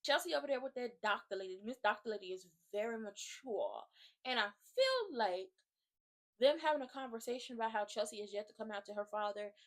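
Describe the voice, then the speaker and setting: A woman with a high-pitched voice hosts a casual recap rant. She is animated and slangy and speaks straight to her viewers. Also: fairly quick. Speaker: YouTube host recapping a TV drama.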